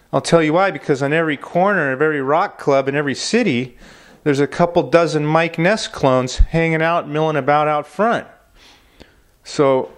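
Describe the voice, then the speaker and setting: A man delivers a rambling stand-up bit. He swears freely and talks in a loose, laid-back way. The delivery sounds offhand rather than polished. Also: on the high side. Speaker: comedian.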